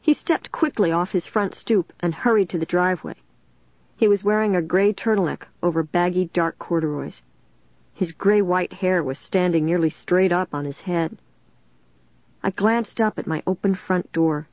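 A woman's voice: fairly low pitch, moderate pace, dry recording, muffled recording. A woman narrating a first-person storybook in a tense, suspenseful reading. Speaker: audiobook narrator.

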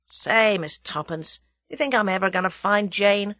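A woman's voice: mid-range voice, normal speed, a bit bright, no room sound, close to an everyday voice. A woman voicing a brash, friendly young American man who talks in folksy slang. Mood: earnest.

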